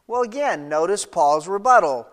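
A man's voice: sits high, animated, normal speed. A man preaching an expository sermon, emphatic, reading scripture aloud and explaining it. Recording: long reverb of a large hall.

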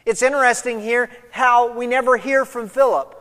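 A woman pastor preaching a sermon verse by verse, swinging between loud emphatic stretches and quiet low passages. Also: fairly even intonation, moderate pace. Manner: expository, walks through a scripture passage verse by verse. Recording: long hall reverb.

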